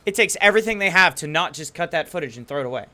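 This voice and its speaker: A man guesting on a casual podcast, animated and often stumbling over his words. His voice is bright and tense and sits fairly high. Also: rapid-fire.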